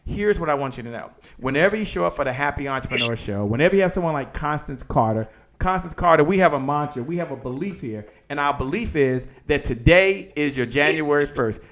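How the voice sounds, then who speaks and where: Fired-up man hosting a motivational show. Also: a little high. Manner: energetic, repetitive, preacher-like chanting. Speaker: host.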